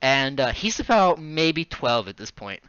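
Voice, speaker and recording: A young man hosting a podcast, telling a story in casual chat, animated and laughing often. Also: medium pitch, measured pace, lo-fi sound, a little hiss or hum. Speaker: podcast host.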